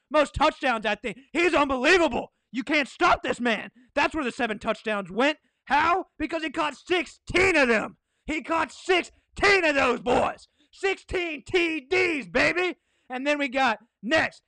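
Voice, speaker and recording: A high-pitched podcast host with a gravelly edge runs a hyped-up sports preview. The voice is bright and forceful, recorded dry and close. The host talks excitably, shouting and firing off rhetorical questions. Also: dry recording. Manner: excitable, shouts, keeps asking "What?".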